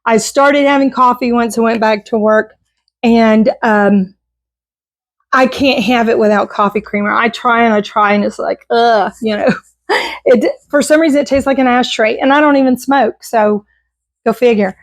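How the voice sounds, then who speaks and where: Chatty higher-voiced middle-aged woman. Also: fairly even intonation, moderate pace, no room sound. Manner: chatty and self-deprecating, with frequent laughs and restarts. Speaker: vlogger showing a grocery haul. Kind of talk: casual chat.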